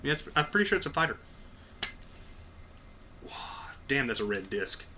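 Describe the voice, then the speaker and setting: A man's voice: mid-range voice, sing-song, normal speed, pushed and bright, slight background noise. A man hosting a casual unboxing video, talking bluntly and enthusiastically with plenty of swearing. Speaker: video host.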